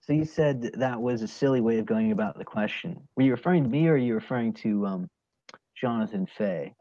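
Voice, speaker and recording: A man speaking as a guest in a casual online call, in a lively, animated way. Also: mid-range voice, a little fast, dry recording. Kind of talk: casual livestream chat. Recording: dull lo-fi call audio.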